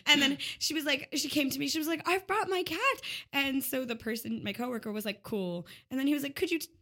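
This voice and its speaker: A woman telling a story in casual chat, animated and laughing often, acting out what people said. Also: high voice, fast talker. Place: Montreal.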